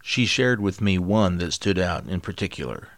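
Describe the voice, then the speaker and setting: A male podcast host reading a scripted narration in a measured, even way. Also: sits low, no room sound. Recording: narration over guitar music.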